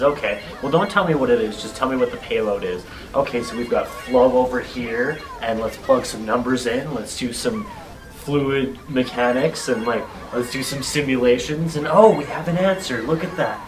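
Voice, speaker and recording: A man's voice: mid-range voice, lightly acted, low-quality recording. A young man doing an impression of his oblivious male engineering professor, lecturing in a breezy, self-satisfied way.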